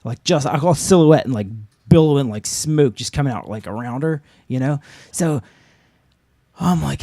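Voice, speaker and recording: A man performing an improvised comic story on a live show, rambling and packed with fillers and swearing. His delivery swings between loud bursts and low mutters. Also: expressive, moderate pace, dry recording, clean studio sound. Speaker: actor and co-host.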